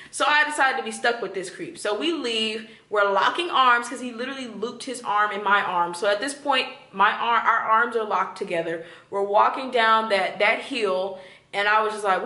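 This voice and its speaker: A woman in her twenties telling a storytime story to her viewers, animated and talking straight to them. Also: a little high, moderate pace. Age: 20s. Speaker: vlogger. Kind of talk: storytime vlog. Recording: echoey room.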